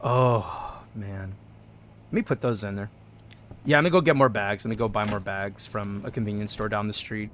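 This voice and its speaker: A man's voice: lowish voice, moderate pace, slight background noise. A man streaming a video game, chatting casually with his viewers, joking, humming to himself and reading out chat messages. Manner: chatty and joking, greets chat, hums and yells when excited. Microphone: desk microphone.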